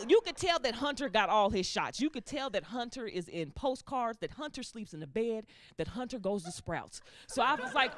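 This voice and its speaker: A woman's voice: a little high, fairly quick, hardly any pauses. A woman doing a stand-up comedy set, telling stories and acting out the voices of the people in them. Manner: animated storytelling, acts out voices of people in the story.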